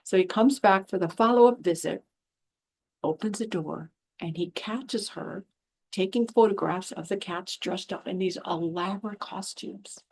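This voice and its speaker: A woman in a casual spoken monologue, middle-pitched with a gravelly, creaky edge to her voice. She tells stories in an unguarded, exasperated way and acts out the people she quotes. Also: a little slow, darkish tone. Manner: chatty storyteller acting out quotes in changed voices; frank, exasperated asides. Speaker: animal communicator and spiritual healer. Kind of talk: casual talking-to-camera monologue.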